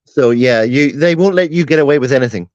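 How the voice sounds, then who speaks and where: A man's voice: medium pitch, fairly quick, no echo, dull audio. A man co-hosting a casual chat, telling wry, teasing stories. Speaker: co-host.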